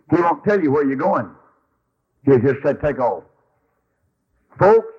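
A man's voice: mid-range voice, breathy edge, muffled recording. A man preaching a sermon in a folksy, emphatic storytelling way. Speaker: Baptist preacher.

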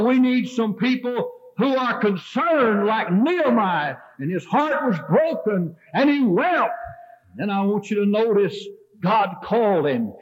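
A man, preaching a revival sermon with a fervent, rising and falling cadence in a church. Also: high voice. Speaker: Baptist preacher. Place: church sanctuary. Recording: dull lo-fi sermon tape.

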